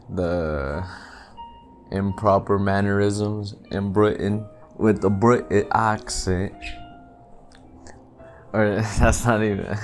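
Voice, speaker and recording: A man hosting his own podcast alone, rambling casually, swearing freely and laughing often. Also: on the low side. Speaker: podcast host. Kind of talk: casual solo podcast chat. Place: home by a window.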